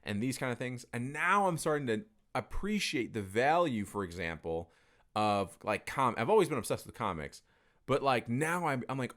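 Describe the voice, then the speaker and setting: A man's voice: mid-range voice, moderate pace. A man telling stories in a casual conversation, with frequent fillers and free swearing. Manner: animated storyteller, swears freely, many fillers.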